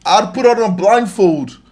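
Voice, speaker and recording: Young guy reacting to a clip, kinda high voice, laughs a lot, really into it. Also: slow pace, husky. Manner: animated, laughs often, emphatic storytelling. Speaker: reaction video host. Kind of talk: casual reaction commentary.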